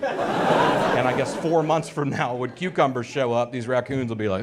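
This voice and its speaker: A man's voice: medium pitch, measured pace, long pauses. A man telling a wry anecdote as a stand-up comedian on stage. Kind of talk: stand-up storytelling. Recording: loud crowd noise behind.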